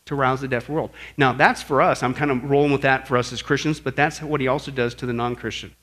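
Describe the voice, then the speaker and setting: A male pastor giving a lively teaching sermon, asking the congregation questions and acting out what God says. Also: mid-range voice, fast talker. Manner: animated, asks the crowd questions, acts out God's voice.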